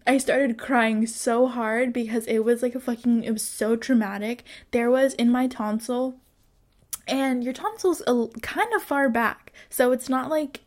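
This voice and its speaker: A woman's voice: a little high, a little mellow. A young woman in her twenties telling a storytime to her viewers in a casual monologue, chatty and swearing freely, with many fillers and frequent laughter. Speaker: vlogger.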